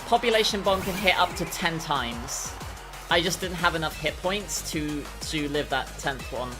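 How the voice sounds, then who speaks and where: A woman's voice: low voice, expressive, moderate pace, over music. A woman streaming a game, chatting casually and thinking aloud as she plays.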